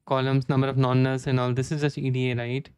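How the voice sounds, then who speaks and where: A young man with an Indian accent streaming live code, reading documentation aloud and thinking out loud with many "okay"s. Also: medium pitch, monotone, quick pace, clear, resonant tone, dry recording. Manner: reads docs aloud, frequent "okay" fillers.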